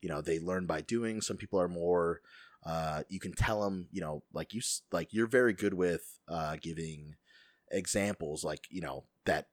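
Guy with a lowish voice, dry close sound, cussing and telling a school story. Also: moderate pace, no echo. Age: adult, school friend of co-host. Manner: profane, animated storyteller. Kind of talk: casual chat.

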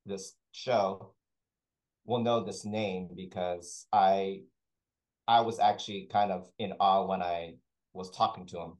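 A man's voice: low voice, steady tone, slow, a little mellow, rough recording. A man, a talent sourcer, chatting as an interview guest and telling rambling anecdotes full of restarts. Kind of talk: casual interview storytelling.

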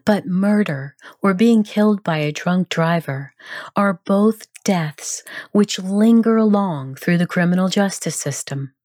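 A woman narrating a grief support guide in a calm, measured, gentle instructional manner. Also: on the low side, dry recording, studio quality.

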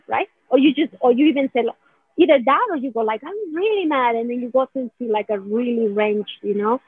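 A somewhat high, husky female voice comes through with no room sound. In loose conversation she describes a healing technique, drifting around, saying "right?" a lot and playing out feelings as quoted asides. The recording is dry with a phone-like narrowness.

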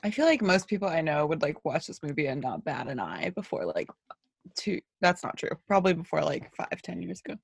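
A woman's voice: low-pitched, big pitch swings, fairly quick, gravelly, slightly rough, no room sound. A young woman hosting a casual podcast chat, rambling and self-deprecating with hesitant, searching phrasing. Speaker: podcast host.

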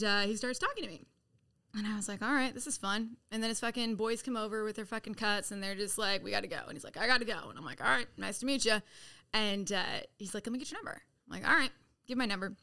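A middle-aged woman from San Diego telling her life story on a podcast in a blunt, profane, animated way. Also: medium pitch. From San Diego, California. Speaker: podcast guest. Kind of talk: casual storytelling.

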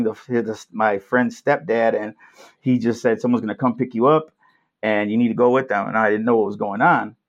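A man from Milwaukee, a podcast guest, telling a personal story in a laid-back way, saying "bro" and "like" often. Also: mid-range voice. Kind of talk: casual storytelling. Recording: dull lo-fi sound.

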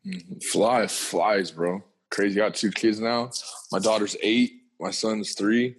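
A man with a very low voice talking in easy, slangy chat. He rambles through stories in a relaxed, laid-back way, tossing in street slang as he goes. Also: measured pace, a little hiss or hum, rough recording. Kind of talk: casual chat.

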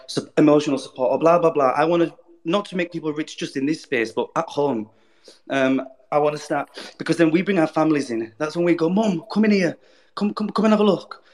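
A man speaking as a guest in a casual online audio chat, earnest and rambling, swearing now and then. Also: medium pitch.

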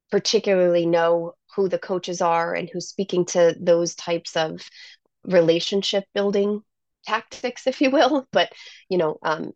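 A woman's voice: on the low side, a little mellow, dry recording. A woman who owns a salon, talking as a guest in a casual interview and telling stories with enthusiasm. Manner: enthusiastic storyteller. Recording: slightly muffled dry sound.

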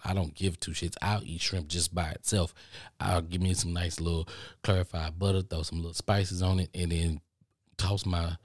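Man, deep low voice, middle-aged, podcast host, casual ranting monologue, repetitive, swearing, dry close sound. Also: no room sound. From United States.

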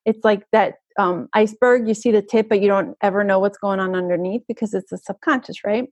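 Brisk and medium in pitch, the same energy coach talks as an interview guest on a podcast, earnest and flowing, often tossing in "right?" to check in. There's no echo on the recording.

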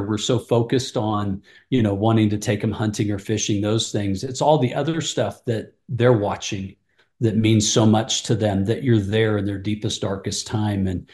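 A man's voice: lowish voice, echoey room. A middle-aged man, a ministry leader, earnestly telling mentoring stories in an interview, acting out both sides of past conversations. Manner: earnest, animated retelling of conversations with restarts.

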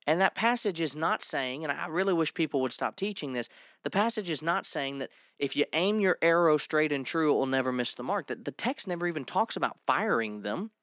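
A man preaching a sermon, emphatic and drawing out key words slowly, reading scripture aloud between his points. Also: a little high, a bit bright, dry recording, clean studio sound.

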